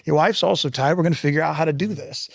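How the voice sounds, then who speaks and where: A man in a candid roundtable discussion, telling stories with animated acted-out quotes and laughter. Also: a little high, fast talker, creaky, husky, no echo, clean studio sound. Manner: animated storyteller who acts out quotes and laughs. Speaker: roundtable guest.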